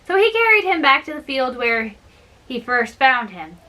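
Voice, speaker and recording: A woman reading a fairy tale aloud slowly and carefully, with small slips. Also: high voice, sing-song, bright, forceful tone, low-quality recording. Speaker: storyteller.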